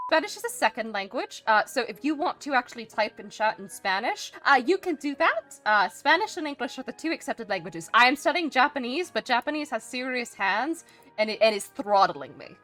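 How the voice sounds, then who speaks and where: A woman streamer talks casually in character, rambling along with plenty of "uh"s and restarts. Her voice sits a little high and swings widely in pitch. A touch of dry, smug humor runs through it, with soft music faintly behind her. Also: sing-song, brisk. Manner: rambling, hesitant, many fillers and restarts. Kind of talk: casual live-stream chat.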